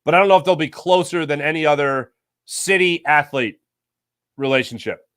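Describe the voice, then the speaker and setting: A man's voice: fairly high pitch, moderate pace, a bit bright, smooth, no echo, clean studio sound. A man hosting a casual sports talk stream, reading viewer comments aloud and reacting in a rambling, jokey, self-correcting way. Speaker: sports talk show host.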